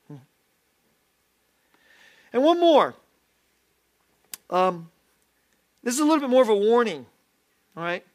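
A man preaching a sermon as pastor, lively and self-deprecating, often laughing as he talks. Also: very high voice, slow, pauses often. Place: church sanctuary.

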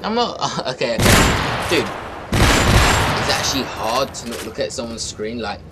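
A man voicing a cocky, laid-back young male gamer with low, mumbled trash talk, with game gunfire behind. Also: animated, a little slow, very noisy, close to an everyday voice. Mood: teasing. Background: video game gunfire.

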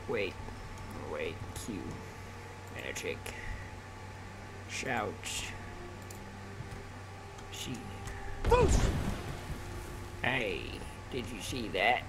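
A man commentating on his own gameplay, excitable and often blurting out exclamations. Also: on the low side, heavy background noise. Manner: excitable, keeps exclaiming "oh snap". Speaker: gaming channel host. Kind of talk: let's play commentary.

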